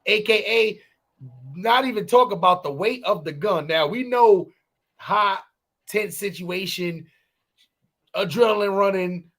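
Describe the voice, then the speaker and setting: A man co-hosting a podcast, telling stories in loose, profane casual chat and breaking into shouted impressions. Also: high voice, a little slow, pauses often. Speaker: podcast co-host.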